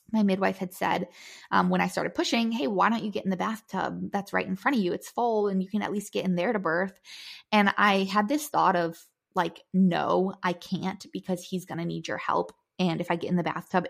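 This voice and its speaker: Young female podcast host, low register with a gravelly edge; chatty, animated personal storytelling. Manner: chatty, animated retelling with frequent fillers.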